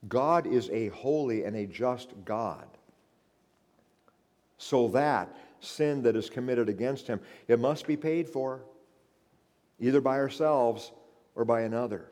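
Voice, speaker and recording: A male pastor preaching a sermon, building to loud, emphatic outbursts and then easing back into a steadier explaining voice. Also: medium pitch, takes it slowly, pauses often. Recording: reverberant hall.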